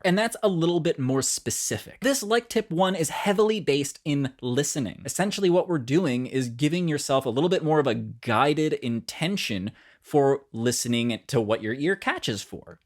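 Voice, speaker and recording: A man from New York giving an unscripted, encouraging songwriting lesson straight to the viewer. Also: a little high. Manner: energetic, encouraging, talks directly to viewers. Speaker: music teacher.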